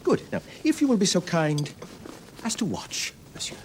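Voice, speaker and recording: A man's voice: high voice, sing-song, moderate pace, darkish tone, slight background noise. An older man playing a retired stage actor in a period TV drama, speaking in a grand, courtly, theatrical way.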